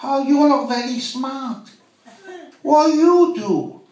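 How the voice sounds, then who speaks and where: A man voicing a curt shop owner who speaks in short, clipped, drawn-out phrases. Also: very high voice, a little mellow, voice pushed up. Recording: echoey room, distant mic.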